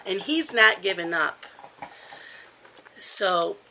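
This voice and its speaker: Gravelly, bright-voiced woman chatting. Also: lowish voice, lively intonation, very slow, slight background noise. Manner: chatty, rambling with ums. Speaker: crafting vlogger. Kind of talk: casual vlog chat. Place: at home.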